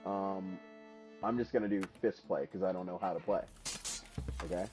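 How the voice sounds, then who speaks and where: A man streaming a game for the first time, commentating excitedly, laughing and trash-talking his opponent. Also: low voice, moderate pace, faint music behind. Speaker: gaming streamer. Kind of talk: casual live gameplay commentary.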